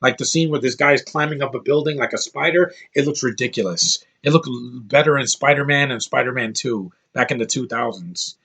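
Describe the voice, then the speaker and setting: A man's voice: mid-range voice, fairly quick, few pauses, fairly bright tone, slightly rough. A man giving an exasperated, blunt movie review rant, swearing freely and often repeating himself as he talks.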